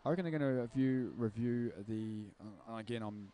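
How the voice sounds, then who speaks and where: A man calls a roller derby bout live in an easygoing, joking way, poking fun at himself and ad-libbing. His voice is mid-pitched. Faint venue noise sits behind him. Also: a little fast, dark tone. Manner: chatty, jokey, self-deprecating, ad-libbing. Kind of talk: live sports commentary. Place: sports venue.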